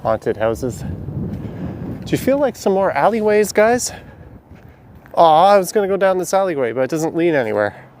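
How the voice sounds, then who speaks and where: A man's voice: fairly high pitch, big pitch swings, a little slow, long pauses, a little mellow, a little hiss or hum. A man, walking city alleys at night on a live stream, chatting and answering viewers' questions as he goes. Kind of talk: casual live-stream narration reading chat.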